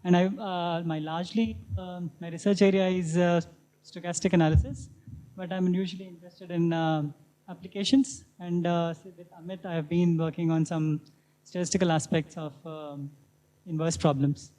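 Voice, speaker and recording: A man's voice: sits high, flat delivery, normal speed, dark tone. A male researcher introducing himself to a room, hesitant, with many fillers. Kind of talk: self-introduction.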